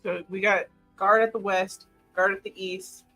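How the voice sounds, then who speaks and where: A woman's voice: medium pitch, little pitch movement, measured pace, a bit bright, soft background music, low-quality recording. A woman player in a tabletop game, playful and giggly, with jokey asides. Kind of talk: casual tabletop play.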